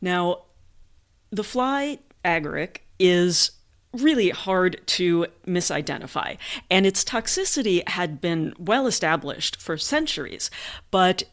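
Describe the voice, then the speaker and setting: A woman hosting a podcast, giving an educational monologue in a measured, unhurried storytelling manner with occasional fillers. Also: on the low side, expressive. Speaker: podcast host.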